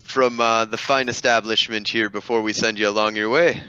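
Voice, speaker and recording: A man's voice: fairly low pitch, fairly even intonation, normal speed, sharp tone, smooth, no echo, highs cut off. A man voicing a dapper, showy male facility greeter with a grandiose, theatrical way of speaking. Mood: welcoming.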